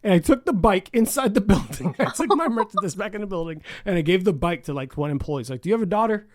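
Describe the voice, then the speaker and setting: A man's voice: high voice, lively intonation, quick pace, dry recording, clean studio sound. A man hosting a podcast in casual chat, swearing freely, laughing often and acting out the voices of people in his stories. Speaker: podcast host.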